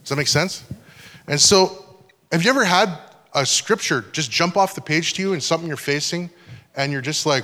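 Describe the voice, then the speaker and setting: A pastor giving a conversational sermon, often checking that the congregation is following. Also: male voice, fairly high pitch, normal speed, pushed and bright. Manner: conversational teaching, frequent check-ins with listeners. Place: church hall. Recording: long hall reverb.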